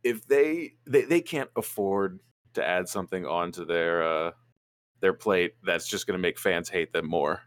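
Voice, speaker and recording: A man's voice: deep voice, a little slow, no echo. A man in a casual podcast chat, ranting emphatically and swearing.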